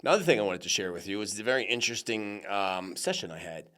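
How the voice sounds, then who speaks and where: A man's voice: lowish voice, fast. A man hosting a psychic predictions show, talking casually and animatedly to his viewers, whom he calls friends. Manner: chatty, animated, addresses listeners as friends.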